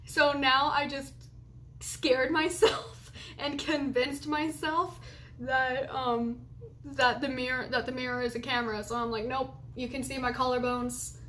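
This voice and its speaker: A woman's voice: sits high, fairly even intonation, unhurried, pushed and bright, slight background noise. Rambling, chatty late-teen woman. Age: late teens. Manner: rambling, chatty, laughs often between remarks. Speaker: vlogger. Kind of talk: casual confessional vlog.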